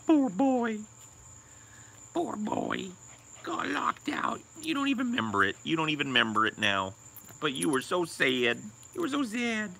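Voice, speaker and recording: A man putting on high sing-song baby talk, as if cooing to a pet dog. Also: huge pitch swings, moderate pace, creaky, pushed and bright, heavily acted.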